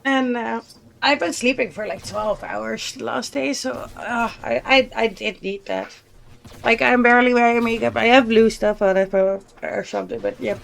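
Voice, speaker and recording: A woman's voice: a little high, fairly even intonation, normal speed, creaky, a bit bright. A sleepy woman streamer chatting casually with her live chat, giggling often and cooing to her pet. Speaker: Twitch streamer.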